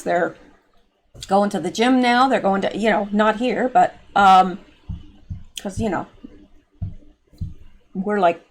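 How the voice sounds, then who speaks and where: Woman, commentary host, higher-pitched voice, sarcastic and exasperated. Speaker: political commentary channel host. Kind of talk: opinionated political commentary.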